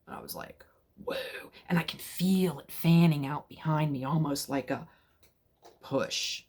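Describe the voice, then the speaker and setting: A middle-aged woman telling a personal story in a casual, animated way, sometimes dropping to a whisper for suspense. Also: low-pitched, measured pace, breathy edge.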